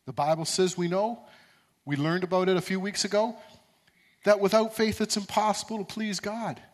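A man's voice: high-pitched, steady tone, moderate pace. A man preaching a sermon, earnest and repetitive, building to emphatic peaks.

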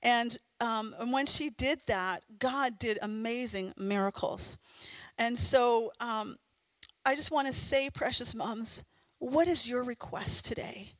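A woman's voice: a little high, takes it slowly, fairly bright tone, no room sound, rough recording. A middle-aged woman preaching a sermon in an earnest, encouraging and fervent way.

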